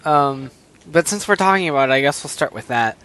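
A man's voice: fairly high pitch, lively intonation, a little fast, fairly bright tone. A man co-hosting a casual podcast, laid-back and rambling, with frequent ums while going through news. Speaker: podcast co-host. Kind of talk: casual chat.

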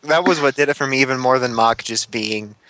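A man's voice: mid-range voice, bright, forceful tone, dry recording, low-quality recording. A young man co-hosting a casual chat, joking and laughing often. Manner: chatty and joking, laughs often, speaks in quick bursts. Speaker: podcast co-host.

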